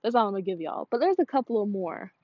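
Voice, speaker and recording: A woman's voice: medium pitch, big pitch swings, fast talker, no room sound, muffled recording. A woman from the United States chatting casually at home while she cooks. She wanders from thought to thought and stops to coax her dog. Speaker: cooking vlogger. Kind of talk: casual chat while cooking. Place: at home, moving between kitchen and outdoors.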